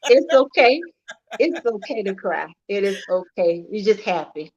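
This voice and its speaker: A woman's voice: medium pitch, expressive, measured pace. A woman speaks as a guest on a live online show, earnest and encouraging as she praises her host. Her voice sits in a middle range, and the audio reaching the stream is slightly muffled and lo-fi. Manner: warm, encouraging, emphatic praise. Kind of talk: casual live-stream chat.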